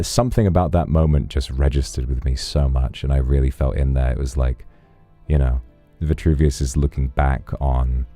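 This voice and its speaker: Very deep, dark-voiced male streamer. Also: no echo. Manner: reflective, rambling storytelling with restarts. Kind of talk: casual stream chat.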